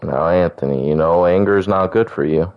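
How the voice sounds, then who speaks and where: A man chatting casually while playing a video game, calm and laid-back with gentle teasing. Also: low-pitched, brisk, clean tone, dull audio. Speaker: gaming channel co-host. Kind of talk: casual let's-play chat.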